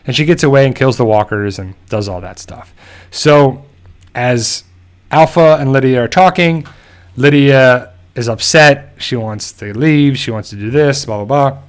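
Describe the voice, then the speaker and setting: A man's voice: medium pitch, moderate pace, smooth. Rambling male show host. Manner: loose, filler-heavy storytelling. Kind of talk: casual episode recap and discussion.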